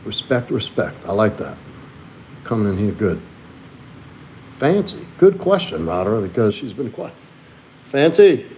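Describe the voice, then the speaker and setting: A man from Louisiana, a livestream host and coach, hosts a casual stream, reading chat and answering viewers' questions, and talks to his dog in a high, sweet voice. His normally paced, darkish voice swings widely in pitch, with slight background noise.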